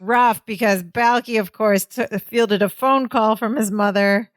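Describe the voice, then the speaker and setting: A woman's voice: fairly high pitch, steady tone, a little slow, noisy background. A woman co-hosting a podcast, casually retelling sitcom scenes and quoting the dialogue. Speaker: podcast co-host. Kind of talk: casual chat recapping a sitcom.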